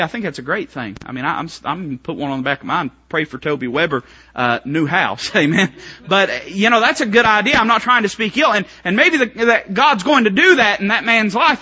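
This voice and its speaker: A man preaching a sermon, rising to shouts and dropping to hushed tones. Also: animated, a little fast, hardly any pauses, breathy edge. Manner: swings between shouted climaxes and hushed low passages. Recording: muffled lo-fi church recording.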